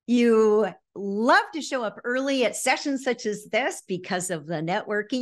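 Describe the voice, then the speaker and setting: A middle-aged woman giving a lively virtual workshop on presentation skills, telling stories and breaking into snatches of song. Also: fairly high pitch. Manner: animated storyteller, bursts into snippets of song.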